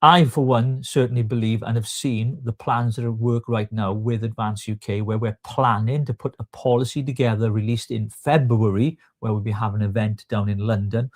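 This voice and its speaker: A man's voice: on the low side, fairly even intonation, moderate pace, hardly any pauses. Chatty Welsh man. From South Wales. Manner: chatty and teasing, firm when talking politics. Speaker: co-host. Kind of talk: casual political chat.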